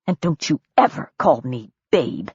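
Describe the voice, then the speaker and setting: A woman narrator voicing a hot-tempered woman who shouts and swears at intruders on her property. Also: rumbling low, sing-song, measured pace, breathy edge, dry recording, lo-fi sound, voice pushed down, full character voice. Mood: cold menace.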